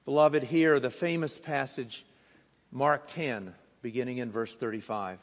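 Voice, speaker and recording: Slow-speaking pastor in a reverberant church. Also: male voice, medium pitch. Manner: slow, deliberate storytelling with quoted voices. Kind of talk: sermon with storytelling. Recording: long reverb of a church hall.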